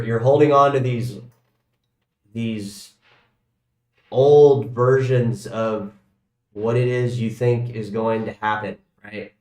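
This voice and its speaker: A man hosting a live stream, rambling and swearing, his loudness swinging from shouts to mumbles. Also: on the low side. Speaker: crypto livestream host. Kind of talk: casual livestream rant. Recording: echoey room.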